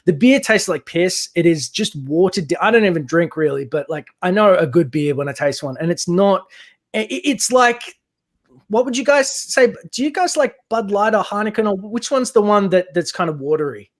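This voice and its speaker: Animated Australian man, fairly high voice. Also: normal speed. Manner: animated, rambling explanations with restarts. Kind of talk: casual stream chat.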